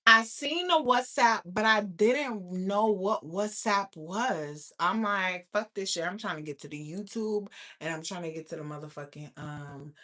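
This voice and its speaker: A woman in her thirties telling a profane, animated storytime rant as a vlogger. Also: on the low side. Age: 30s.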